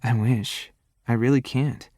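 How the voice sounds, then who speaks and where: Sassy, teasing young woman with quick comebacks, read by a male narrator. Dry studio read. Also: medium pitch, steady tone, warm tone, dry recording, voice pushed up, lightly acted.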